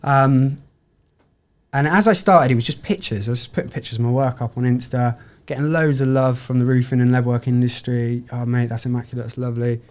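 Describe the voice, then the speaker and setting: A middle-aged man talks through his story as a podcast guest, chatty and easy-going. He keeps slipping into little acted bits of dialogue, and his voice sits at an ordinary mid pitch. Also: fairly quick. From United Kingdom. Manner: chatty, acts out quoted dialogue with lively voice shifts. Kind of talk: casual storytelling interview.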